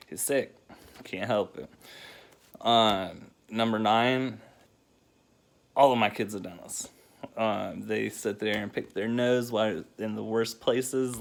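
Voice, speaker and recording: This man talks in a casual, chatty vlog style, a single dad running through a countdown list. His voice sits on the low side and has a gravelly edge, and he breaks into laughs as his stories ramble along. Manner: laughs often while telling stories, loose and rambling. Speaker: single father vlogger.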